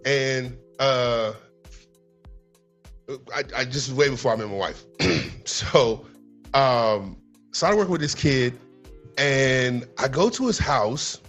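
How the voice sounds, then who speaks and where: A man's voice: mid-range voice, animated, slow, long pauses, fairly bright tone, faint music behind. A middle-aged man casually telling a rambling, profane story on a podcast, acting out the quotes in a rising voice.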